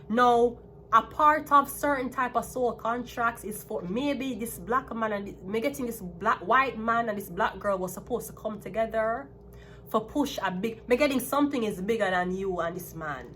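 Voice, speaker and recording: A woman's voice: fairly high pitch, animated, normal speed, bright, forceful tone, slight background noise. A Jamaican woman in her thirties giving a casual, emphatic tarot reading, talking animatedly and repeating her points. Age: 30s. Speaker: tarot reader.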